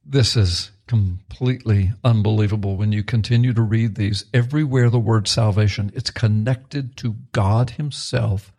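A middle-aged male pastor teaching excitedly on a talk show, reading scripture aloud with rising emphasis. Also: fairly low pitch, moderate pace, few pauses.

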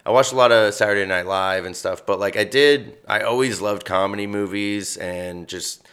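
A man's voice: on the low side, normal speed, fairly bright tone, smooth. A German-born man, a comedian guest, telling rambling stories in a casual interview chat, with lots of fillers. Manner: rambling, filler-heavy storytelling.

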